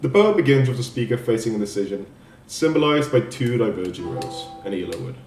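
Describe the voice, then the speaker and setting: A man presenting a spoken poem analysis as a student assignment, explaining in a halting way with restarts. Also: mid-range voice, big pitch swings, darkish tone, faint music behind. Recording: echoey room, distant mic.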